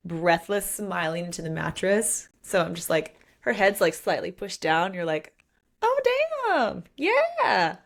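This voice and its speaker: A woman co-hosting a podcast, chatting candidly and animatedly about a romance novel and acting out its lines. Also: on the low side. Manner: candid, animated, acts out quotes. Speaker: podcast co-host. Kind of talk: casual book chat.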